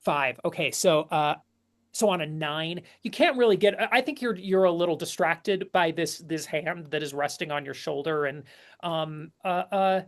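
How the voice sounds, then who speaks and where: Casting: male game master, halting narration packed with fillers, tabletop game. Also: a little high. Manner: hesitant, many fillers and restarts.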